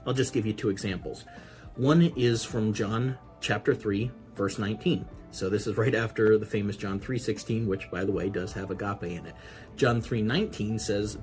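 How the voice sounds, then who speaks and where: A man hosting a podcast, explaining Bible words in a relaxed, conversational way with casual asides. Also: on the low side, moderate pace, soft background music. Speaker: podcast host.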